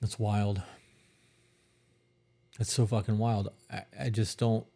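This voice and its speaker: A man's voice: on the low side, flat delivery, slow, vocal fry, mellow, breathy edge. A man co-hosting a podcast in casual chat, blunt and emphatic with heavy swearing. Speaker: podcast co-host.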